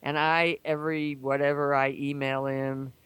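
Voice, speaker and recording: An older woman telling a story in a casual, animated way, laughing at herself. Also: low-pitched, moderate pace, clear, resonant tone, no room sound. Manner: animated, acts out quoted voices, laughs at herself.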